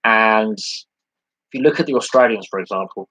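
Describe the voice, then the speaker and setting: A man's voice: fairly low pitch, moderate pace, a bit bright, no room sound, low-quality recording. A man hosting a live sports podcast Q&A, talking in a rambling, conversational way with many restarts and long lists. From United Kingdom.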